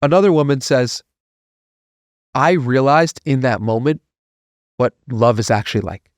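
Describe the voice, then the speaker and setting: A man guesting on a podcast, telling a personal story in an earnest, heartfelt way that grows animated. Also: mid-range voice, a little slow, no echo, clean studio sound.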